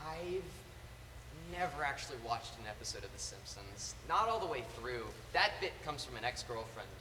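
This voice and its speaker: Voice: mid-range voice, sing-song, normal speed, close to an everyday voice. A teenage actor playing Gibson, a wry, modest young man in a stage play. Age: teens. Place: school auditorium stage. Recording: echoey auditorium from far off, noise.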